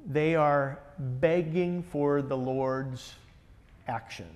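Slow, enthusiastic man teaching with reverb. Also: fairly high pitch, darkish tone. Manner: enthusiastic, conversational, asks the group questions. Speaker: Bible study teacher. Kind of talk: teaching a Bible study. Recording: long reverb in a large room.

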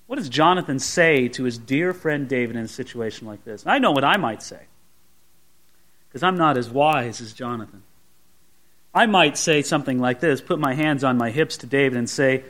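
A man's voice: mid-range voice, lively intonation, moderate pace, fairly bright tone. A male pastor preaching an expository sermon, retelling a scripture story and dramatically voicing its characters. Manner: dramatic, voices the Bible characters with rising intensity.

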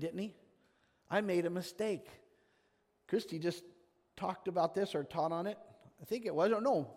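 A man preaches in a large hall, his voice high-pitched with a darkish tone. The pastor keeps the sermon interactive and conversational, posing questions and naming people in the audience.

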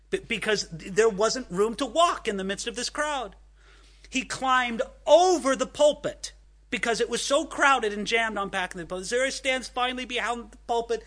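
A man delivering a sermon in a high, bright voice. He brings a story to life by acting out its dialogue and keeps asking his listeners questions. The delivery is lively and direct. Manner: expressive storytelling with quoted dialogue; asks the congregation rhetorical questions. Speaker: pastor.

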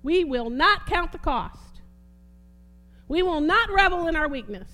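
A woman preaching a sermon, fervent, repeating phrases and swinging between soft and emphatic delivery. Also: very high-pitched, sing-song, measured pace, faint music behind.

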